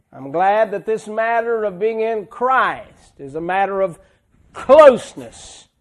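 A man preaching a sermon, telling folksy stories and swelling into emphatic lines. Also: high-pitched. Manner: slow, folksy storytelling with rising emphatic swells.

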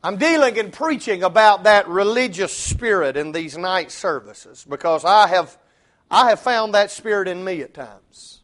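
A man's voice: lively intonation, a little slow, fairly bright tone. A male preacher, delivering a sermon and telling a story with rising intensity. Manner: storytelling, rising in pitch and force for the punchline.

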